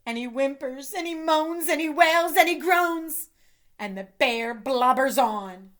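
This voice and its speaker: A woman's voice: sits high, fairly bright tone. A woman reading a picture book aloud to children, playful and chatty between pages. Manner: playful, pausing to chat and laugh with young listeners.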